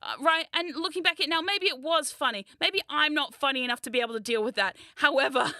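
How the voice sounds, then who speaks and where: A thirty-something woman rambles through a casual livestream chat. Her fairly high voice is bright and dry close to the mic, and she swears freely and teases herself between bursts of laughter. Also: quick pace, no room sound. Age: 30s. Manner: rambling, swearing, self-mocking, frequent laughs. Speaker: VTuber streamer.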